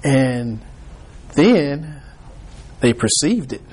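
A man's voice: medium pitch, sing-song, very slow, a little mellow, slightly rough. A man leading an informal Bible study, talking conversationally with frequent restarts and acting out people's reactions.

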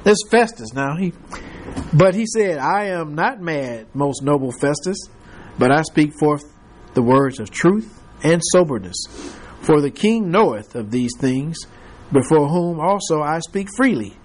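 A man's voice: on the high side, animated, unhurried. A man teaching a Bible class, reading scripture aloud and prompting the class to fill in the words, with chuckling asides.

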